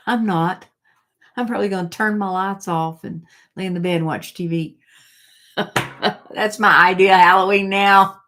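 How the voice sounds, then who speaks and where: A woman's voice: mid-range voice, a bit bright. A middle-aged woman hosting a casual live chat, rambling and reading viewer comments aloud.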